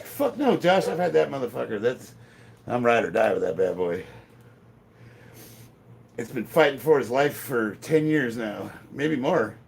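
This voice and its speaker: Brief: gravelly fifties male gym vlogger, lively delivery, blunt and profane, faint room hum. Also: mid-range voice. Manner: profane, blunt, laughs often. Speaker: strength training vlogger. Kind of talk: casual rambling chat while lifting. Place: home gym.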